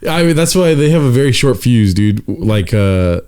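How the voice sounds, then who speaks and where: A man's voice: mid-range voice, lively intonation, moderate pace, mellow. A man co-hosting a casual podcast, cracking jokes and tossing in "dude" a lot. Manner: joking, says "dude" a lot. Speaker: podcast co-host. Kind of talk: casual chat.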